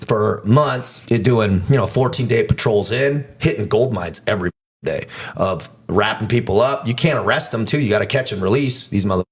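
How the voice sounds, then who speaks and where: A man's voice: lowish voice, fairly quick. Blunt, swearing man telling war stories. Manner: blunt, profane, laughing storyteller. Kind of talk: casual storytelling.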